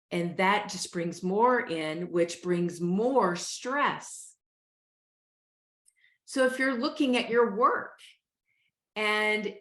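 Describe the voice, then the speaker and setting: A woman, hosting a motivational talk and coaching listeners on stress in an earnest, encouraging way. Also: lowish voice. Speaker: show host and wellness coach. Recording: roomy echo.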